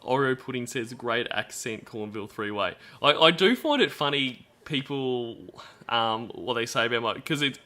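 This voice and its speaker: A man with an Australian accent hosts a stream, offering casual commentary in a self-deprecating way with lots of restarts. His mid-range voice is pushed and bright, at a normal speed.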